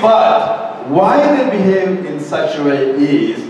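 A man preaching a sermon, slow and emphatic, acting out quotes in a raised voice. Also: on the high side, sing-song, darkish tone, slight background noise. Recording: echoey hall, mic far off, faint ambience.

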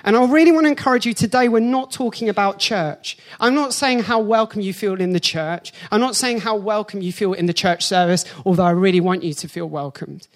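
Telling personal stories during a sermon, this pastor reacts with lots of animation and humor. He shifts into an excited, high voice for his own reactions and becomes slower and softer for the spiritual lesson.

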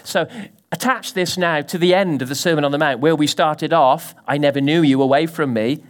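A man preaching a sermon to a congregation, animated and full of sudden rises and drops, often asking the listeners questions. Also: fairly high pitch, moderate pace, few pauses. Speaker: pastor.

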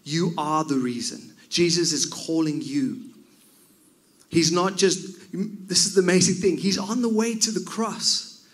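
A man preaching a sermon, swinging from loud cries down to near whispers. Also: fairly high pitch, fairly even intonation, measured pace.

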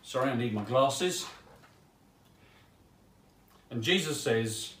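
A man preaching to a congregation, easygoing and a little playful, with light humour. His voice is picked up from some distance away, so it sounds thin and roomy. The hall around him adds a clear echo. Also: medium pitch, animated, takes it slowly, long pauses, fairly bright tone. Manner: light, chatty humour with small asides. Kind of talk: sermon. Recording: echoey room heard from a distance.

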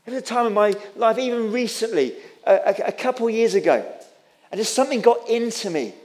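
A man's voice: high voice, expressive, a little fast, darkish tone. A man preaching a sermon, impassioned and repetitive, stumbling over restarts as he builds his points. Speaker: pastor.

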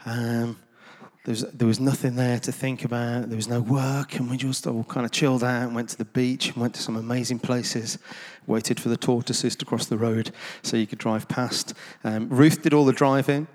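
A man's voice: mid-range voice, level tone, normal speed, darkish tone. A man tells anecdotes to a gathered audience in a loose, conversational way, full of ums and self-deprecating asides. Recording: long reverb of a large hall.

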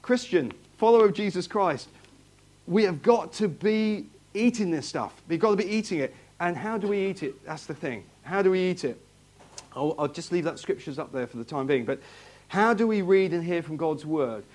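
A man's voice: sits high, lively intonation, moderate pace, a little mellow. A man preaching a sermon to his congregation, talking in a conversational way, asking them questions and often repeating himself. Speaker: pastor. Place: church hall, in front of a congregation.

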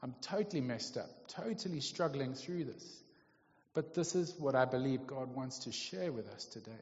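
This sermon comes from a man speaking in an animated yet easy, conversational way, pausing often to engage his listeners. A long church-hall echo trails his mid-range voice, and the recording quality is lo-fi and dull.

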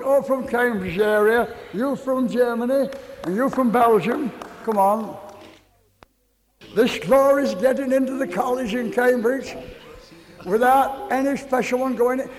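A man leading a church meeting, encouraging people to stand up. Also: extremely high pitch. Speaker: meeting leader. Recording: hall reverb.

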